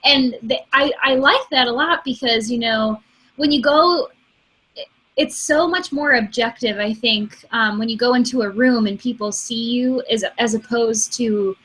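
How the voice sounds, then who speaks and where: A woman's voice: fairly high pitch, measured pace, a bit bright, husky. A woman in her twenties from Michigan with a slight Michigan accent, chatting casually and laughing easily. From Michigan, USA. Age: 20s. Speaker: co-host. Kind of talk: casual chat.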